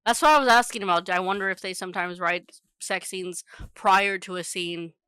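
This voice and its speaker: Bright, crisp-voiced woman chatting books. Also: mid-range voice, no room sound. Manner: blunt, playful, quick to joke. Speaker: book club co-host. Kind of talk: casual chat. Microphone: video call.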